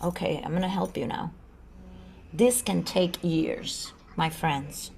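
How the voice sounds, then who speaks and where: A woman's voice: on the low side, slow, vocal fry, darkish tone, slightly rough. Earnest woman podcast host, dramatic delivery. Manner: earnest, dramatic, sometimes acts out voices. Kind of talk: casual spiritual podcast chat.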